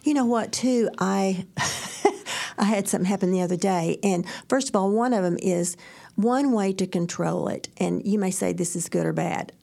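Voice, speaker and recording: A middle-aged woman co-hosting a faith talk show, telling stories in an animated way, acting out quotes and laughing often. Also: mid-range voice, moderate pace, vocal fry. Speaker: podcast co-host. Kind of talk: faith-based casual chat, storytelling.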